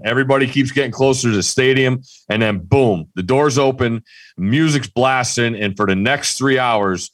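A man's voice: mid-range voice, a bit bright, dry recording. Big-framed man rambling in casual sports talk. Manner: rambling with restarts and fillers. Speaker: co-host.

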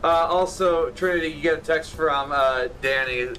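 A man narrating as game master for a tabletop role-playing session, halting often with fillers. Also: fairly high pitch, bright, forceful tone, slight background noise. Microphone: streaming setup with audio box.

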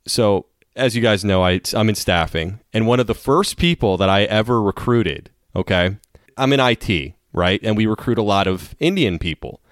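A man's voice: on the low side, normal speed, no room sound, clean studio sound. A man co-hosting a casual podcast chat, telling rambling stories and laughing often. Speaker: podcast co-host.

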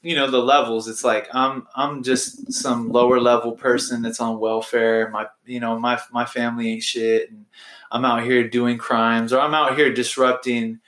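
A man's voice: mid-range voice, flat delivery, a bit bright. Reflective man in an echoey room. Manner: reflective, halting with restarts. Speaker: podcast guest. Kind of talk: casual conversation.

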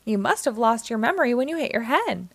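Spirited cartoon squirrel gal, loud and urgent, higher voice, read by a woman, storybook. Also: sing-song, fairly quick, vocal fry, dry recording, heavily acted. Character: spirited adult female squirrel friend.

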